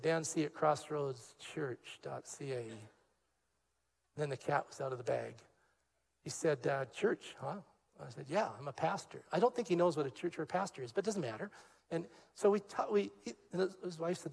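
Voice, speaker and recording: An older man preaching a sermon as a pastor, telling a personal story with lively acted-out dialogue before turning to scripture. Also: fairly high pitch, in a large hall. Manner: animated storyteller, acts out quoted dialogue.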